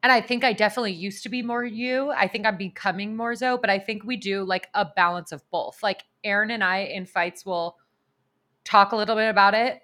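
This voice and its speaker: An animated woman co-hosting a podcast, chatting casually with a mid-range voice. She tells stories with lively energy and laughs easily along the way. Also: mid-range voice, a little fast. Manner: animated storyteller, bursts into laughter. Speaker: podcast co-host. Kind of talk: casual chat.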